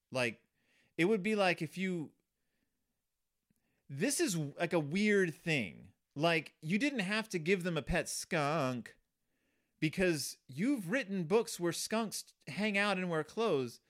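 A man's voice: sits high, fairly bright tone. A man hosting a podcast, riffing sarcastically on a children's book in a rambling way, full of fillers and restarts. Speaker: podcast host. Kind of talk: comedic book commentary.

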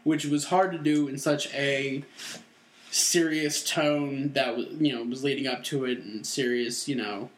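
A man's voice: medium pitch, fairly even intonation, measured pace, slight background noise. A man in his twenties co-hosting a casual chat show, opinionated and full of "you know" fillers. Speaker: co-host.

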